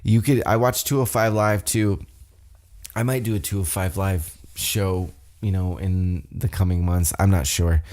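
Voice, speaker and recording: A man's voice: on the low side, warm tone. A man hosting a podcast, recapping a wrestling show in casual, rambling talk and acting out wrestlers' lines in a raised voice. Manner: rambling, loses track of notes, acts out wrestlers' lines in a raised voice. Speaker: podcast host.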